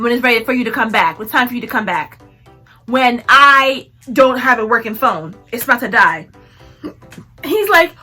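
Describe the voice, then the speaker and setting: A young woman recounts a personal story in a casual vlog, her voice high and bright. She laughs often and acts out what each person said, with faint music behind her. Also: fairly quick. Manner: animated, laughing often, acting out quotes. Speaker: vlogger telling a story. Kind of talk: casual storytime while tweezing.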